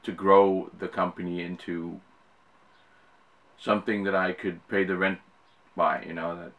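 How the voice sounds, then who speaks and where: With a low, fairly flat voice that is a bit bright, this middle-aged Dutch YouTuber keeps a measured pace. He rambles casually to camera in American-accented English, using lots of fillers and restarts.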